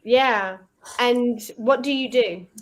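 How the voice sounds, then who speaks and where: A woman's voice: on the high side, slow, rough recording. A woman tutoring English on a video call, friendly, asking follow-up questions and often saying "like". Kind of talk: online English lesson conversation.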